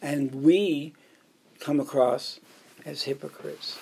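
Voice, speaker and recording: A man's voice: fairly high pitch, fairly even intonation, takes it slowly, vocal fry, a little mellow, breathy edge. A man preaching a sermon, telling joke anecdotes and counting off his points in order. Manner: jokey storytelling, counting off points. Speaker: pastor.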